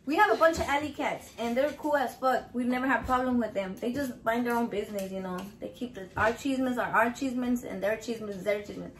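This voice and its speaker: High-voiced, foul-mouthed woman. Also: brisk, hardly any pauses, a little hiss or hum. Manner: crude, profane, animated storytelling. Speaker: home cook filming a recipe video. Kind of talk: casual cooking vlog chat. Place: home kitchen.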